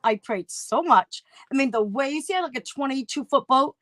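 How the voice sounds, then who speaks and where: A woman's voice: sits high, lively intonation, normal speed, a bit bright, dry recording. A middle-aged woman telling a story on a casual livestream chat, acting out her own past voices. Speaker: co-host.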